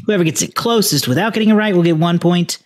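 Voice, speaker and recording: A man's voice: sits high, fast. A man hosting a podcast in casual chat, upbeat and running the segments. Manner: lively, upbeat, runs the segments. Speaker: podcast co-host. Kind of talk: casual chat, reading reviews aloud.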